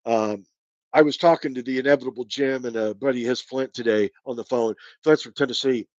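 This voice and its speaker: A man's voice: medium pitch, steady tone, fairly quick, darkish tone, dry recording, dull audio. A middle-aged man from Kentucky with a light Kentucky accent, hosting a casual live stream chat in a rambling, folksy way. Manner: rambling, folksy, thanks viewers by name. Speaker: channel host.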